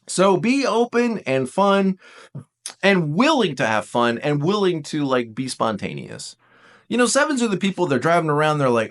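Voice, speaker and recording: A man speaks with a very lively, swooping delivery as he teaches about personality types. He is casual and self-deprecating, and he often slips into short acted-out quotes. His voice sits a little higher than most men's. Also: moderate pace. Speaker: Enneagram teacher.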